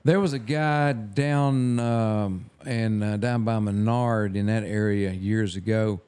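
Older man, folksy halting storyteller. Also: on the low side, steady tone, a little mellow, clean tone. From Texas. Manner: halting, restarts, folksy drawl. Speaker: guest photographer. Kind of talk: casual storytelling.

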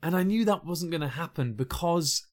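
A man's voice: on the high side, expressive, moderate pace. Male co-host, enthusiastic and giggly film chat. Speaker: podcast co-host. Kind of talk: casual film review chat.

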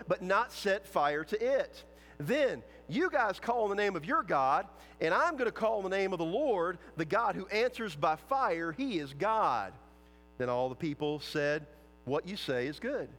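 High-voiced preacher in an echoing hall. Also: male voice. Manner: storytelling preacher, animated and playful, acts out quotes. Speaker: pastor. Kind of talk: sermon. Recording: long hall reverb.

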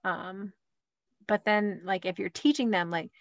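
A woman's voice: mid-range voice, measured pace, no echo. A woman, a mother and wellness coach, co-hosting a podcast in a rambling, chatty way full of fillers. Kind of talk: casual podcast chat.

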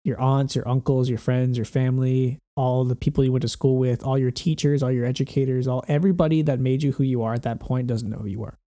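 A man talks through a film scene in casual, rambling chat, slipping into quoted lines along the way. His voice is warm and mellow. The recording is dry, with no room sound. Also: medium pitch, quick pace, hardly any pauses, dry recording. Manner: rambling, animated, acts out quotes. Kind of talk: casual movie discussion.

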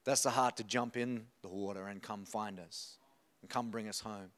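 A man's voice: lowish voice, fairly even intonation, moderate pace, a bit bright, long reverb tail. A man, preaching a passionate sermon and telling a personal story. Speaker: pastor.

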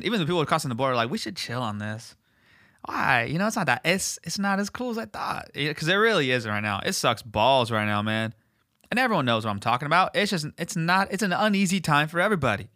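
A man hosting a podcast in casual, rambling chat, swearing heavily and animated. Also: fairly high pitch, no echo, studio quality. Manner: profane, rambling, animated, filler words. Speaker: podcast host.

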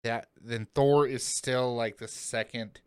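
A man's voice: medium pitch, steady tone, slow pace, clean tone, dry recording, studio quality. A young man co-hosting a podcast, chatting casually and explaining in a laid-back way with many fillers. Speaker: podcast co-host. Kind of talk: casual movie chat. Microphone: podcast microphone.

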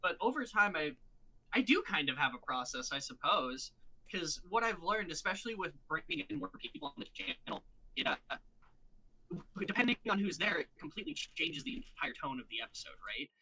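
Male podcast guest, bright tone, casual and jokey, quick to laugh. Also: high voice, very animated, vocal fry, a little hiss or hum, poor audio. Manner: chatty, jokey, laughs easily. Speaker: podcast guest, channel co-host. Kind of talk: casual chat.

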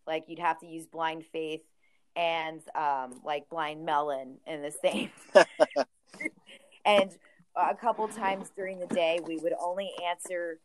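A woman's voice: deep voice, fairly even intonation, takes it slowly, a little hiss or hum. A woman who owns a record store, chatting casually as a podcast guest, laughing often and acting out quotes.

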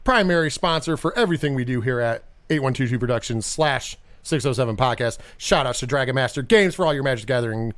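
A man hosting a podcast in casual chat, animated and profane, rambling with restarts. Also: medium pitch, quick pace, few pauses. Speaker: podcast host.

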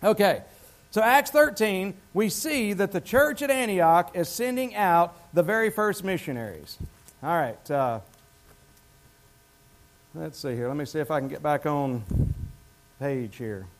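A man's voice: high-pitched, animated, measured pace, pauses often. A male pastor preaching a sermon in a church, talking conversationally and asking the congregation questions.

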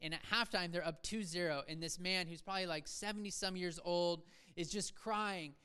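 Pastor in the pulpit, man, smooth clear voice, casual storytelling sermon with sudden emphatic peaks. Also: high voice, steady tone. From Seattle area, USA. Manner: conversational preaching, self-deprecating asides, quick swings from soft to emphatic. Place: church sanctuary.

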